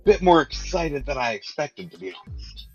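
A man's voice: fairly high pitch, expressive, normal speed, slightly rough, dull audio, faint music behind. A man voicing a dry, formal shapeshifting doctor in a tabletop game.

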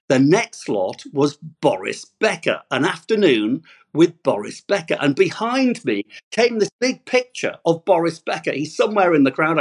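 A middle-aged man telling a lively anecdote as a podcast guest, laughing at himself as he goes. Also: fairly high pitch, breathy edge.

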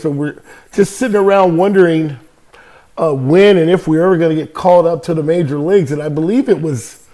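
Here an ex-ballplayer from California, now older, tells anecdotes as a podcast guest in a relaxed interview. He's chatty and animated, peppering his stories with lots of "uhs" and laughter, and his voice runs slightly high.

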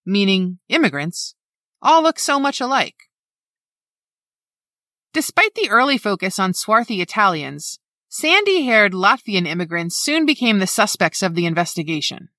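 A woman narrating a scripted true-crime story, measured and precise with facts and figures. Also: mid-range voice, bright, forceful tone, no echo, studio quality.

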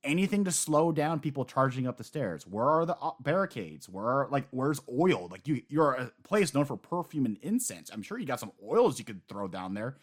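A man co-hosting a casual manga chat, rambling and animated, swearing now and then. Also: medium pitch, normal speed, few pauses. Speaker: podcast co-host.

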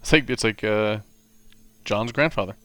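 A man's voice: lowish voice, moderate pace, a bit bright, no echo. A man in casual chat, talking hesitantly with fillers and restarts.

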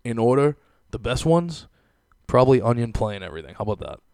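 A man's voice: medium pitch, animated, brisk, darkish tone, smooth, dry recording. A young man hosting a podcast, ranting in casual, profane chat and laughing often. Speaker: podcast host.

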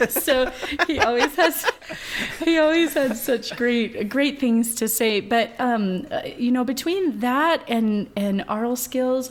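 Chatty woman voice teacher, laughs easily. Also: fairly high pitch. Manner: chatty, laughs often, many fillers. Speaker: voice professor, guest. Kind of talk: conversational interview.

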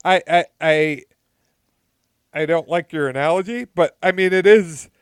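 A man's voice: fairly high pitch, unhurried, clear, resonant tone, no room sound, studio quality. A man co-hosting a political podcast, pushing back with frequent stammered restarts. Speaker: podcast co-host. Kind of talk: political debate chat.

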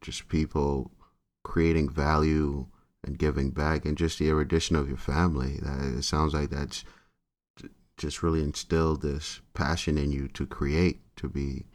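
A man's voice: rumbling low, little pitch movement, moderate pace, no echo. A man hosting a casual podcast chat, reflectively summing up what his guest said.

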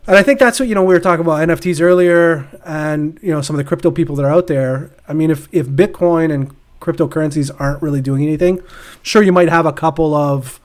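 Male podcast co-host, a bit higher-pitched, loose and rambling, laughs easily. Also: a little mellow. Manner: rambling, laughs often, many fillers and restarts. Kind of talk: casual crypto market chat.

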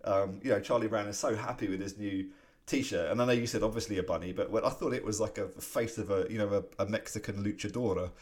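Very deep-voiced man recapping comics. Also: quick pace. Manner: animated recapping of comic strips, breaking into laughter. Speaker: podcast co-host. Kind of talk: casual podcast chat.

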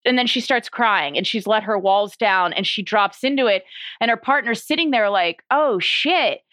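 A woman's voice: mid-range voice, moderate pace, a bit bright, no echo. A woman speaking as a sexologist guest on an interview podcast, chatty and explaining, often saying "like" and laughing easily.

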